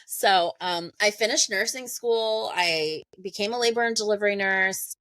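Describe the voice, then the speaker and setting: A woman's voice: mid-range voice, normal speed, fairly bright tone, dry recording. A woman in her thirties, a podcast guest, casually telling a story, laughing often and acting out what people said. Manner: laughs often, acts out conversations.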